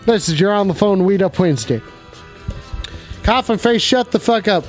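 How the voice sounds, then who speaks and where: A man hosting a mock call-in comedy show in a rowdy, profane cowboy persona who bursts into whooping shouts. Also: sits high, animated, normal speed, faint music behind. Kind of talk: improvised comedy bit.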